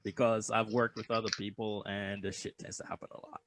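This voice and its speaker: A man's voice: lowish voice, level tone, brisk, a bit bright. A young man co-hosting a podcast in casual chat, joking loosely, swearing freely and laughing often. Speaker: podcast co-host.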